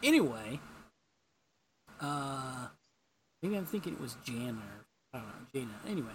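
A man's voice: mid-range voice, big pitch swings, normal speed, long pauses, a little hiss or hum. A man co-hosting a casual podcast, recapping a comic in a rambling way and acting out the characters' lines in a raised voice. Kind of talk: casual chat.

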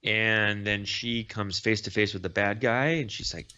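A man with a fairly low voice casually retelling a comic story on a podcast, rambling and fixing his slips as he goes. The sound is dull and lo-fi. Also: steady tone, normal speed, very noisy. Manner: rambling, self-correcting retelling. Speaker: podcast host. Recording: dull lo-fi recording.

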